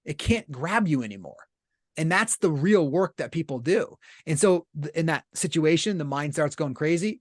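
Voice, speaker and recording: Podcast guest: a man with a fairly high voice, earnest and explanatory, recorded dry and close. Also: a little fast, no room sound. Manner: earnest, explanatory, uses many rhetorical "right?" checks. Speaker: podcast guest, business leader. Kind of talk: casual conversational interview.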